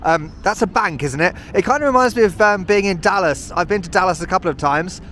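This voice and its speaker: A man's voice: high-pitched, brisk, bright, forceful tone, slight background noise. A British man narrating a walking travel vlog outdoors on city streets, chatty and self-mocking with sarcastic asides. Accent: British English. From United Kingdom. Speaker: travel vlogger.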